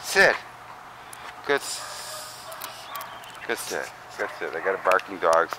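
Low-voiced man training a dog outdoors. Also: slow pace, pauses often. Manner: calm, monotone praise mixed with short commands. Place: outdoors with barking dogs nearby. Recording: noisy outdoor recording. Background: dogs barking.

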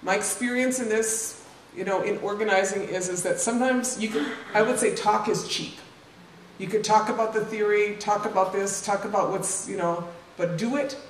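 Speaking at normal speed with fairly even intonation, this older woman has a mid-range voice. She's an invited speaker giving an informal slide talk in a lecture room, chatty and full of asides and tag questions for the audience. A distant mic gives a roomy sound, faint ambience and slight background noise.

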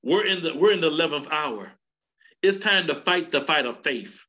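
A middle-aged man, an elder preaching to a men's church gathering in a fervent cadence that climbs into shouts. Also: a little high, lively intonation, normal speed, highs cut off. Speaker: elder teaching a men's session. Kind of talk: sermon.

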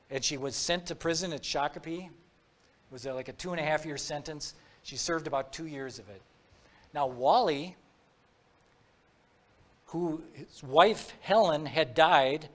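A man's voice: a little high, fairly bright tone. A man giving a talk, telling a true-crime story in a conversational way, acting out quoted dialogue. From Minnesota.

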